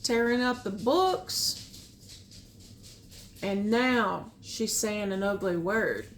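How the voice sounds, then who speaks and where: An older woman reading a picture book aloud, adding gentle, chatty comments about the pictures. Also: medium pitch, lively intonation, very slow, a little hiss or hum. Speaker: storyteller.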